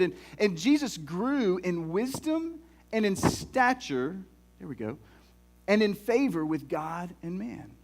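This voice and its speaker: A middle-aged man, preaching a sermon in a folksy, animated storytelling way with many restarts. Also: high voice. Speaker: pastor.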